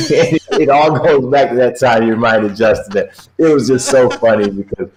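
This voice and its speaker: A man's voice: medium pitch, moderate pace, a crowd in the background. A middle-aged basketball coach, a man, telling stories in a casual chat and laughing often as he talks. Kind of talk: casual storytelling.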